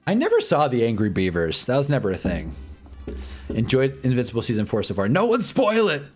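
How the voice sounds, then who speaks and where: Young man, livestream host, casual rambling chat, lively up-and-down pitch, faint music underneath. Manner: rambling, candid, swears and repeats himself; puts on quick voices for quoted people. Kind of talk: casual chat during a sports watch-along.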